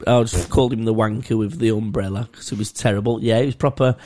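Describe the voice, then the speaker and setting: A man's voice: fairly low pitch, fairly even intonation, fast, a little mellow. A man telling crude stories in casual podcast banter, swearing a lot and laughing as he talks. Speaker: podcast co-host.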